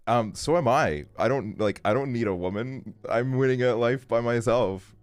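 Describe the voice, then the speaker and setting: A man's voice: medium pitch, moderate pace, smooth, no echo. A young man streaming a game, telling a casual story in a rambling way, full of fillers and swearing. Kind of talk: casual storytelling while gaming.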